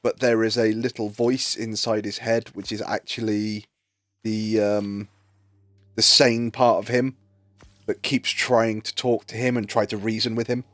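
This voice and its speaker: A man's voice: on the low side, little pitch movement, unhurried, a bit bright, no echo, faint music behind. A man streaming and chatting casually, retelling a story with lots of fillers and acted-out quotes. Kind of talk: casual chat while streaming.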